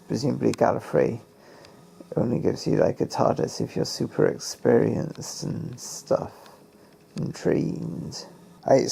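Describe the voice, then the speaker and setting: A man's voice: mid-range voice, vocal fry, warm tone, breathy edge. A man giving casual, playful commentary on a TV episode, spinning fan theories and acting out characters' lines.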